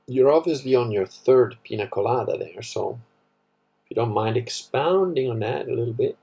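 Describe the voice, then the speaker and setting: Husky man rambling. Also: medium pitch, lively intonation, normal speed, dark tone. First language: Italian. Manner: rambling, profane, wry. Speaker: livestream host. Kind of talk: casual livestream chat reading comments.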